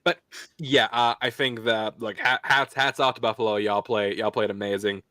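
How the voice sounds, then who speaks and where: A young man with a bright, ringing voice chats about football as the host. He rambles through his points with frequent fillers and restarts, recorded close and dry. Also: lowish voice, fairly even intonation, normal speed, no echo. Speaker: podcast host. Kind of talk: casual sports chat.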